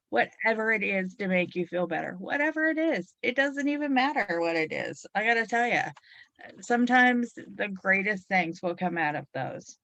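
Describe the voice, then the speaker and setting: A middle-aged woman hosting a hypnotherapy talk radio show, bubbly and playful, her voice a little froggy and hoarse, leading listeners through relaxation. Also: medium pitch, lively intonation, normal speed, a bit bright, no echo, dull audio.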